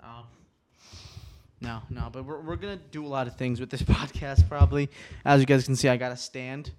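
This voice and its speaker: A man hosting his podcast alone in a small home studio, talking casually and rambling, cursing often, swinging between subdued and excited. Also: mid-range voice, brisk. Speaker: podcast host. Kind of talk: casual solo podcast chat.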